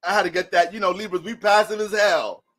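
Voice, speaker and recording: A man with a high-pitched, steady, fairly bright voice talks fast as an astrology reader. His casual astrology talk drifts into joking, profane storytelling, and he addresses his viewers loosely, as if they were family.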